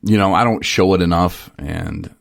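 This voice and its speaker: A man's voice: low voice, moderate pace, vocal fry, dry recording, studio quality. A man in recovery telling stories on a casual radio talk show, rambling with restarts and short laughs. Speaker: person in recovery sharing his story.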